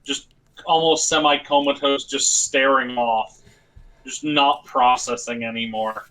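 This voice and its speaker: Male player, bright timbre, very slow descriptive narration. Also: medium pitch, fairly even intonation, rough recording. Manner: slow, descriptive narration of his character's actions. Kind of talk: tabletop role-play over a call.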